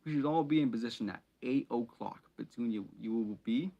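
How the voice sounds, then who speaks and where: A man's voice: mid-range voice, fairly quick, vocal fry, dull audio. A man voicing a blustering, nasty middle-aged uncle in a stern, clipped commanding tone. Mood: bossy.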